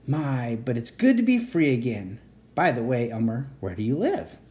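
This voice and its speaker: A reader voicing a gentle, grateful young male dragon in a children's storybook, with a raised, polite and slightly fretful voice. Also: mid-range voice, very animated, normal speed, lightly acted. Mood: cheerful. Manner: eager, polite, a little fretful. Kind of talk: children's storybook read-aloud.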